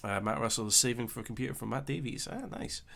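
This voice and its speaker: A young man with a Scottish accent hosting a casual live stream, chatting easily and reading out viewer comments with relaxed filler pauses. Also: mid-range voice, gravelly. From Scotland. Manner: chatty and easygoing, thinking aloud with filler pauses.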